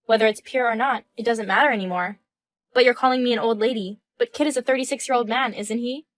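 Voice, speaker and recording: A woman's voice: on the high side, quick pace, no room sound, lightly acted. A woman in her thirties voicing a composed, indignant wife in a text-message story, firm and questioning. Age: 30s.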